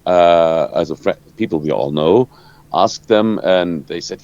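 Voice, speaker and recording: A man from Germany with a German accent, a rock guitarist answering interview questions in halting English, searching for words and restarting often. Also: low-pitched, a little mellow. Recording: dull lo-fi dry sound.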